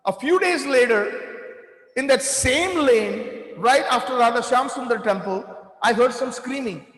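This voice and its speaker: A man giving a devotional talk, telling lively anecdotes with quoted dialogue. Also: very high-pitched, unhurried. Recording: echoey hall with long reverb.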